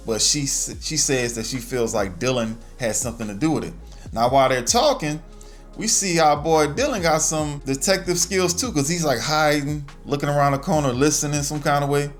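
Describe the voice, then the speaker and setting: A man's voice: on the high side, moderate pace, soft background music. A man casually recapping a movie plot in slangy, laid-back storytelling full of asides. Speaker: movie reviewer.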